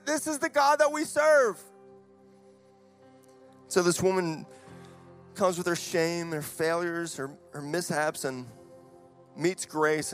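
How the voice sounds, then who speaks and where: A pastor with a fairly high-pitched voice preaches a sermon, telling family stories. His animated delivery swings between hushed and loud.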